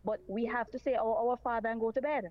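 A woman's voice: fairly high pitch, fairly even intonation, fast talker. Earnest woman on a muffled line. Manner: earnest, repeats her points. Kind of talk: talk radio call-in.

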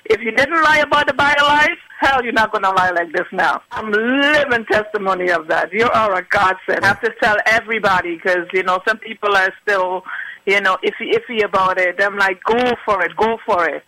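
A woman calling in to give a radio testimonial, excited and repeating her phrases. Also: mid-range voice, fairly quick, no room sound, low-quality recording. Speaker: caller giving a testimonial.

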